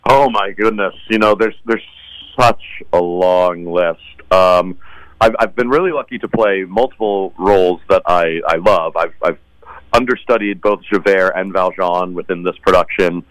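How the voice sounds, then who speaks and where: A musical theater actor appears as a guest, answering interview questions earnestly and conversationally, often repeating words as he starts. His voice is low-pitched at a moderate pace, and the audio is poor though echo-free.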